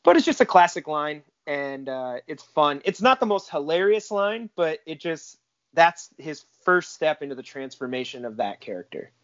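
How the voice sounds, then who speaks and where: Young man, podcast co-host, casual chat, laughs often, slightly high voice, dry dull sound. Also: big pitch swings, normal speed, a bit bright, no echo. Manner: chatty, laughs often while retelling scenes. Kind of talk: casual film discussion.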